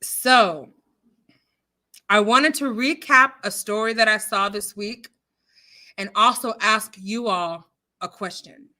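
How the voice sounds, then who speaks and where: A woman hosts a casual livestream chat in a bright, ringing voice, taking her time over her words. She is openly religious and outspoken. She drops from loud outbursts to hushed apologies. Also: mid-range voice, slow, pauses often. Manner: animated and outspoken, swinging between loud outrage and hushed apologies; religious, quotes scripture. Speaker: livestream host.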